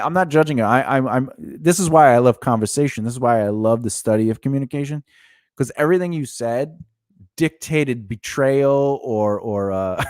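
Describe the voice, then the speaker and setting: This man's medium-pitched, darkish voice comes through clean studio sound without echo as he co-hosts a casual podcast. He questions and teases his guest with frequent laughter, often stopping to restart and trailing off into mumbles.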